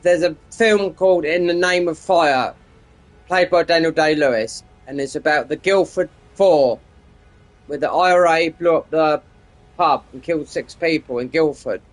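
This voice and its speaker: This is a man in his 50s from the UK, his voice on the high side and his pace moderate. He streams a game while chatting in a meandering, digressive way, restarting himself frequently.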